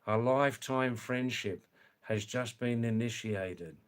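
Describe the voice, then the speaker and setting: An Australian man chats on a live stream and reads out his viewers' messages. His voice sits at an ordinary middle pitch. He explains things in a loose, rambling way. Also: clean tone. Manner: chatty, reads viewer comments aloud, drawn-out explanations. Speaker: livestream host reading chat. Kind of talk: casual live-stream chat.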